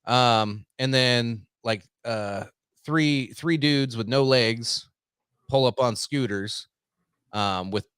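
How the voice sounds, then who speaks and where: A man with a country-boy manner spins a long, rambling yarn on a podcast, with plenty of swearing and "um"s and "like"s. His voice sits at an everyday middle pitch, and the recording is close and dry. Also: slow, fairly bright tone, smooth, no room sound. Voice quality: self-described simple country boy. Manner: rambling, profane, heavy on fillers. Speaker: podcast host. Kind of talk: casual storytelling.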